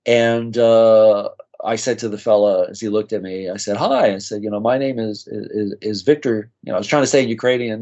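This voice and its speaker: A man's voice: lowish voice, steady tone, moderate pace, a little mellow. Earnest man telling emotional stories. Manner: earnest, emotional storytelling with many restarts. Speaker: nurse practitioner guest. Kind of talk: storytelling in a podcast interview. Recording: slightly dull lo-fi audio.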